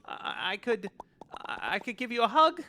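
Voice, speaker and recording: A man's voice: very high voice, very animated, normal speed, sharp tone, voice pushed up, heavily acted. A man voicing a small, timid young hermit crab hero who stammers nervously in a video game.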